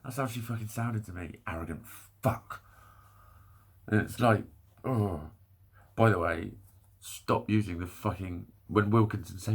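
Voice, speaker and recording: Husky-voiced English man ranting and swearing. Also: on the low side, moderate pace. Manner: sweary, exasperated, laughs between points. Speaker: vlogger. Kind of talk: ranting monologue.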